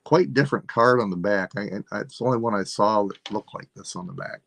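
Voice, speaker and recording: A man selling items on a live stream, thinking aloud in a rambling, unhurried way as he describes each piece. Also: fairly low pitch, vocal fry, fairly bright tone. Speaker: online seller. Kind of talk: live-stream sales chat.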